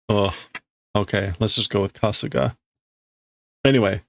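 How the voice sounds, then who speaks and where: Male streamer, casual, unhurried and self-correcting, dry close sound, gravelly texture. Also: lowish voice, fairly bright tone, no echo. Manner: hesitant, thinks aloud with restarts and self-corrections. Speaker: livestreamer. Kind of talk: casual live-stream, reading and translating a manga aloud.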